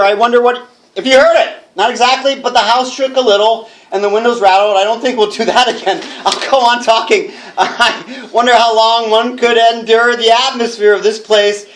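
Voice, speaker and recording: A man's voice: high-pitched, fairly bright tone. A man playing a jittery radio announcer. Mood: nervous, chatty. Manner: nervous chatter, laughs to himself, talks to listeners. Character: jittery male radio announcer alone in a haunted house. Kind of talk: live reading of a one-man radio play. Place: bookstore, in front of a live audience.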